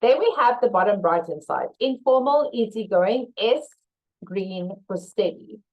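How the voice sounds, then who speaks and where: Woman, leadership trainer, live online class, lively delivery, mid-range voice. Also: medium pitch, unhurried, lo-fi sound. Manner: lively, acts out staff replies in role-play.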